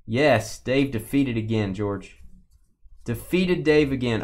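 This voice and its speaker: A man's voice: mid-range voice, a little slow. A man hosting a live card break stream, chatting casually with viewers and teasing them as he opens packs. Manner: chatty, playful teasing, lively.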